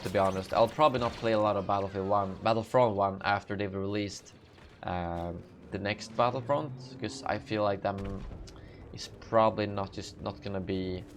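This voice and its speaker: Against slight background noise, a young gaming channel host with a fairly low voice runs a live Q&A. He reads out questions from chat and answers drowsily, yawning, rambling, and correcting himself amid many fillers.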